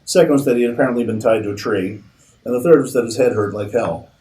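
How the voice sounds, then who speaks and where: A man, an author, reading his own fiction aloud at a convention in a steady narrating manner. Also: mid-range voice, fast, rough recording.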